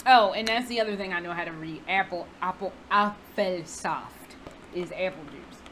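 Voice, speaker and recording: A woman's voice: on the low side, normal speed, a bit bright, poor audio. Young American woman, casual vlogger, profane and self-deprecating, frequent laughs, camera mic, faint hiss behind. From United States. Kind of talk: casual vlog monologue. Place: apartment indoors.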